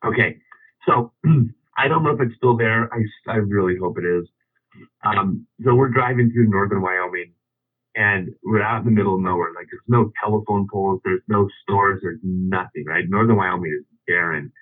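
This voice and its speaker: A man's voice: on the low side, normal speed. A man casually telling a long anecdote, rambling with many restarts and chuckles. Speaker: storyteller. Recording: phone-like radio line.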